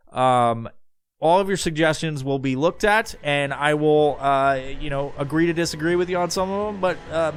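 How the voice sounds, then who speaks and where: A man's voice: fairly high pitch, no room sound. Rambling, profane podcast host man. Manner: rambling, profane, heavy fillers. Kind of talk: casual solo podcast outro.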